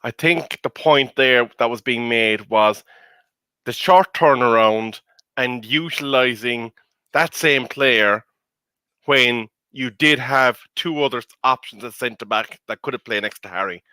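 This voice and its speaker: Man giving measured football opinions. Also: medium pitch, bright, forceful tone, clean tone, no room sound. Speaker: co-host pundit. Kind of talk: casual football discussion.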